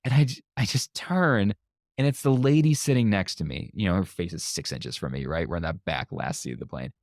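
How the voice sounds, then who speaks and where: A man telling a story as a guest on a podcast interview, animated and lively, acting out the people he quotes. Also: low-pitched, fairly quick, no echo, studio quality. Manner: lively storyteller who acts out quoted voices. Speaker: guest, magician and speaker.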